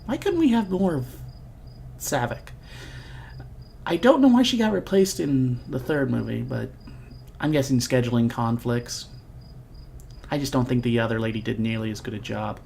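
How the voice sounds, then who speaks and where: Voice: medium pitch, normal speed, vocal fry, long pauses, a little mellow, a little hiss or hum. A let's-play host giving casual, rambling gameplay commentary, chatty and self-deprecating.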